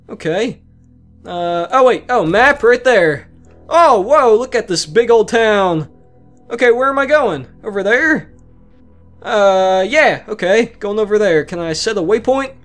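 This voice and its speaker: Young let's-player, excitable, unhurried, lively pitch, game music behind. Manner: excitable, constant exclamations. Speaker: gaming commentator. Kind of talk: casual let's-play commentary.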